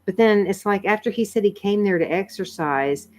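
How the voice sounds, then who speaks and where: A woman, chatting casually with viewers on a livestream, tired and a bit croaky, laughing often and rambling with fillers. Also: medium pitch, moderate pace. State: tired, frog in her throat. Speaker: livestream host. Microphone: computer microphone.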